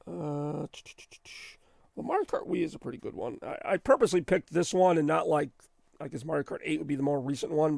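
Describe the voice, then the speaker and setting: A hoarse man with a sore throat, hosting a retro gaming stream in rambling, chatty commentary. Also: fairly high pitch, dry recording, studio quality. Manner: rambling, chatty, self-deprecating. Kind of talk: casual live-stream commentary. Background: faint game music.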